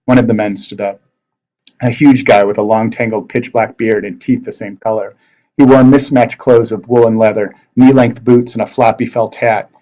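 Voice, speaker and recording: A man teacher reading a novel aloud to his class with expressive narration. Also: on the low side, moderate pace, highs cut off.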